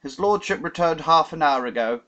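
A man voicing a formal, deferential male servant answering the telephone, pitched well above his own voice. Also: animated, moderate pace, a bit bright, dull audio. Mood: polite. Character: stiff male butler on the telephone.

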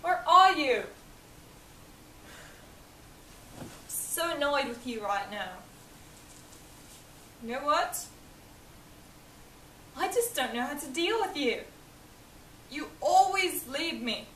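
A woman's voice: sits high, lively intonation, takes it slowly, long pauses, fairly bright tone, heavily acted. A woman playing a spoiled, petulant young boy earl in a fan cosplay skit, with a whiny, ranting manner. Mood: annoyed. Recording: echoey room, voice from a distance, faint hiss.

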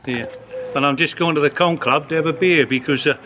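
A man's voice: a little high, brisk, lo-fi sound. A man in his sixties with a North Essex accent, chatting on the street as a folksy, rambling storyteller with dry humour. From North Essex, England. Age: 60s. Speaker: local resident being interviewed. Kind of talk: casual street chat. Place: outdoors on a town street. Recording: outdoor street with passing traffic.

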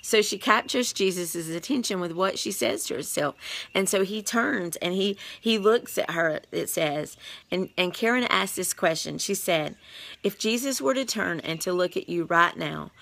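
A woman's voice: lowish voice, expressive, moderate pace, vocal fry, a bit bright. A woman giving a casual devotional Bible teaching, talking straight to her listeners and reading scripture aloud. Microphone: streaming over the internet.

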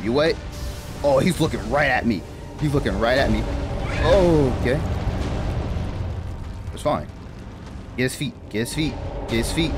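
Excitable man giving gameplay commentary. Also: medium pitch, measured pace, long pauses, music in the background. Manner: excitable, repeats himself, swears and laughs at the game. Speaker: gamer.

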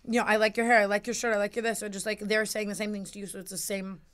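A young woman as a podcast guest, chatting casually, joking and rambling in quick bursts. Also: medium pitch, level tone, fairly bright tone, smooth. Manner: jokey, rambling, fast bursts.

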